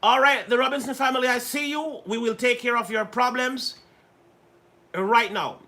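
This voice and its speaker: A man's voice: very high-pitched, normal speed, bright, forceful tone. A man hosting a livestream in playful, casual chat, repeating himself and laughing often. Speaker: livestream host.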